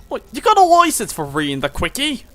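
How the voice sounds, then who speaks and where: A man voicing a mock-indignant, high-pitched man who demands to see a license. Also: huge pitch swings, normal speed, over music, heavily acted. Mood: mock outrage.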